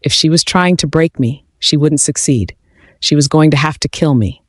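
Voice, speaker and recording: A man with a fairly high voice reads a first-person story in a steady, even manner. The sound is dry and close, with no room echo. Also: moderate pace. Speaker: narrator.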